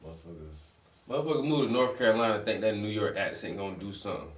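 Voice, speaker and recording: Laid-back low-voiced man, echoey room. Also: lively intonation, racing. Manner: laid-back, rambling, heavy slang and cursing. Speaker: host. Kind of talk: casual livestream chat. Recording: echoey room, far from mic, faint noise.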